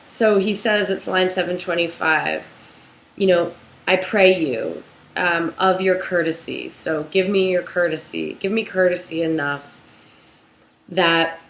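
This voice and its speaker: Slow, low-voiced woman lecturing, echoey room. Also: a bit bright. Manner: unhurried, thoughtful, with many ums and restarts. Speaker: literature teacher. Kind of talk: recorded lecture with a read-aloud passage. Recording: echoey room, faint ambience.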